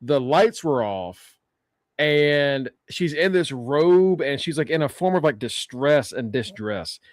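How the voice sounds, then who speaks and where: A man's voice: fairly high pitch, slow pace, no room sound, clean studio sound. A man co-hosting a casual wrestling podcast, telling the story with laughs and acted-out quotes. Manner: animated storyteller, laughs often, acts out quotes. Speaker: podcast co-host. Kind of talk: casual wrestling recap chat.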